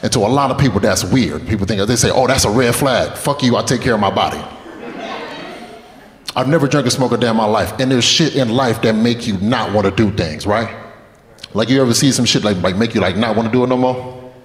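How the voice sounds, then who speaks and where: Animated male stand-up comic, roomy hall. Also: fairly quick. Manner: animated storytelling, acts out panicked friend in high voice. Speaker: stand-up comedian. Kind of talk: stand-up comedy set. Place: comedy club stage.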